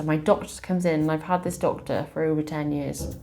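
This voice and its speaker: Low-voiced woman telling her story. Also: fairly even intonation, fairly quick, a little mellow. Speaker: tarot reader and channel host. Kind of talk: emotional personal storytelling to camera.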